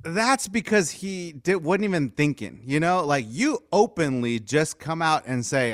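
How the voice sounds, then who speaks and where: Teasing, mock-aggrieved man, lively pitch. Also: unhurried, hardly any pauses, no room sound, clean studio sound. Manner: defensive, teasing, mock-aggrieved, laughs often. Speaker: radio show regular. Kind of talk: bantering radio talk.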